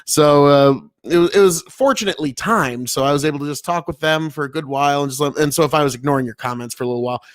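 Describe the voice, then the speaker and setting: A man's voice: a little high, quick pace, hardly any pauses, no room sound, clean studio sound. A man from Nebraska, a farmer, talking casually and profanely on a livestream from inside an old family mill, rambling with many fillers. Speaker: farmer streaming commentary.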